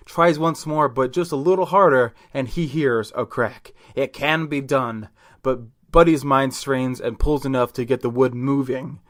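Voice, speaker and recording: A man hosting a podcast, narrating a comedy story casually, laughing often and swearing. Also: mid-range voice. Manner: laughs often, crude jokes.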